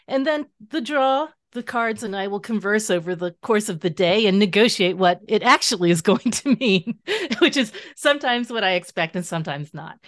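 A woman guest author talking through her practice in a casual interview, animated and explanatory, laughing easily. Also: mid-range voice, dry recording, studio quality. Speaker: guest author and tarot teacher.

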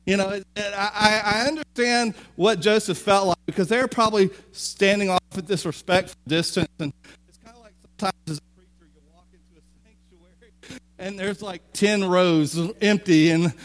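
A middle-aged man preaching, retelling a story with lively asides and acting out the characters' lines. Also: sits high, moderate pace. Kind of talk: sermon.

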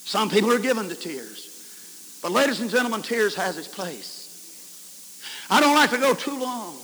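A man preaching a camp meeting sermon, telling folksy stories and swinging between shouts and hushed whispers. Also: high-pitched, sing-song, moderate pace. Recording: hissy 1990s recording in a reverberant hall.

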